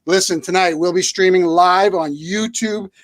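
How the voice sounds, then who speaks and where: A man's voice: high voice, fairly even intonation, moderate pace, no echo. A man with a Boston accent, a school principal co-hosting a live-streamed talk show, long-winded and upbeat. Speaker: middle school principal, co-host.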